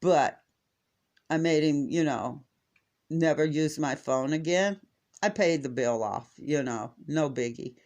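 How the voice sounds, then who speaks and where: Brief: middle-aged American man, somewhat high voice, casual exasperated storyteller who acts out quotes. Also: slow. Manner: exasperated, animated retelling with acted-out quotes.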